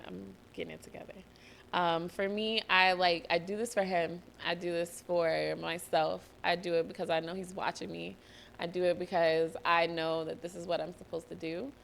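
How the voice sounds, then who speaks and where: A woman's voice: on the low side, flat delivery, moderate pace, gravelly, a bit bright, slight background noise. A young woman hosting a solo podcast, telling a personal story candidly, swearing freely and close to tears at times. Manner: candid, swears freely, laughs and nearly cries. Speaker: podcast host.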